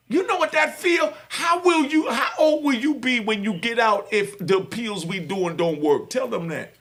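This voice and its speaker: A middle-aged man talking to his viewers with fervent, preaching passion and bursts of shouting. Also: extremely high pitch, animated, moderate pace, hardly any pauses. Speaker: host. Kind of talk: impassioned talk to viewers.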